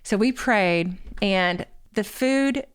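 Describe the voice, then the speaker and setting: Woman, late forties, podcast guest, mid-pitched smooth voice, frank and wry as she tells a story. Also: drawn-out words. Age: 40s. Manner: candid, self-deprecating storyteller. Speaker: guest author.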